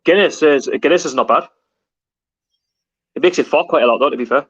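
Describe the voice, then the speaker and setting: A man's voice: fairly high pitch, brisk, fairly bright tone, breathy edge. A man hosting a casual live stream, chatting with guests and reading out viewer comments. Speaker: livestream host. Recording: dull lo-fi stream audio.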